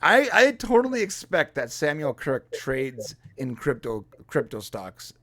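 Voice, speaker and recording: Lively man laughing through a live show. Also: fairly high pitch, a little slow. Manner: laughs often, jokey asides. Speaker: podcast co-host. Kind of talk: casual livestream review chat.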